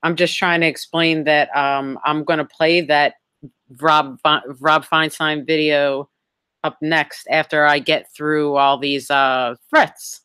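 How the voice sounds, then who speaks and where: A woman's voice: low-pitched, little pitch movement, slow, a bit bright, clear, resonant tone, no echo. A woman adding voice-over commentary, explaining in a slightly exasperated way. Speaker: video commentator.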